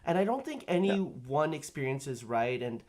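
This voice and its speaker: A man's voice: medium pitch, big pitch swings, normal speed, darkish tone. A man with a Canadian accent hosting a live-stream chat, telling long stories full of fillers and restarts. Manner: rambling storyteller, many fillers and restarts. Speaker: stream host.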